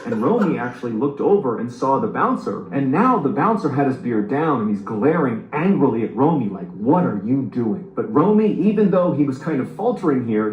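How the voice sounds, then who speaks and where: A man's voice: a little high, darkish tone, echoey room, low-quality recording. A man narrating a true story in a scripted storytelling style, building suspense. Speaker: narrator of the reacted video.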